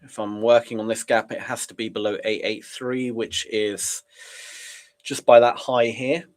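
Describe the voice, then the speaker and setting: A man's voice: mid-range voice, little pitch movement, a little slow. A young man with a cold, casually narrating his live trading and chatting with viewers. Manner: casual, chatty, reads chat aloud and reacts. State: sniffly with a cold. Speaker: day trader streaming live. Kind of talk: live trading stream commentary.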